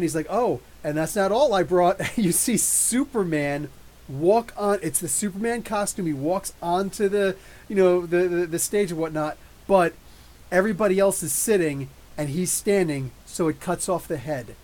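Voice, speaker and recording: A man hosting a casual live-stream movie review, excitable and rambling, with many restarts and fillers, answering chat comments as he goes. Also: high-pitched, moderate pace. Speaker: YouTube comics channel host.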